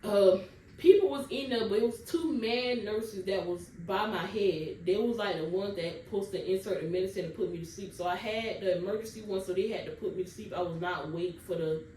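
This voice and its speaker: A woman's voice: mid-range voice, a little mellow. Young woman, telling her story to her viewers, says y'all a lot, echoey room, mic a bit far off. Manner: addresses viewers as y'all often, casual Southern US dialect. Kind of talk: emotional personal storytelling to camera. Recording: roomy sound from a distance with faint background noise.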